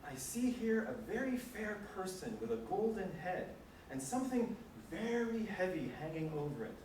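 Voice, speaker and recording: A man's voice: sits high, big pitch swings, normal speed, a little mellow, slight background noise, voice pushed up. Man reading as a fortune-telling maid. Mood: mysterious. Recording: echoey room, distant mic.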